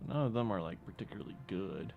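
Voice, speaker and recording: A man's voice: sits low, animated, fast talker, gravelly, muffled recording, soft background music. A man streaming a video game, chatting casually and thinking aloud as he plays. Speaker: gaming streamer. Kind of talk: casual gameplay commentary.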